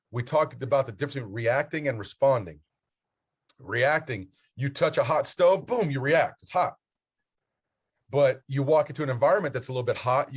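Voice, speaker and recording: A man, a basketball coach and mentor, talking as a podcast guest, earnest and motivational as he spells out his acronyms. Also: mid-range voice.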